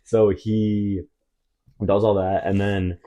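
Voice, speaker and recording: A young man with a very deep, mellow voice rambles through a story for a podcast, full of "like" and false starts. His delivery is loose and conversational, trailing off and circling back. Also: little pitch movement, takes it slowly, muffled recording. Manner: rambling, many fillers and restarts, drops into mock voices for quotes. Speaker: podcast co-host. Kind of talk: casual storytelling chat.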